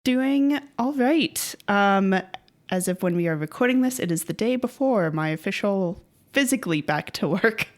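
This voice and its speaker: A woman co-hosting a podcast in casual chat, talkative and quick to laugh. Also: medium pitch, lively intonation. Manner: chatty, laughs often, loose fillers. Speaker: podcast co-host.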